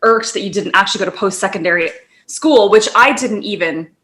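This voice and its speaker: A woman's voice: medium pitch, brisk, fairly bright tone. A young woman co-hosting a casual podcast chat, rambling, breaking off mid-thought and laughing often. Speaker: podcast co-host.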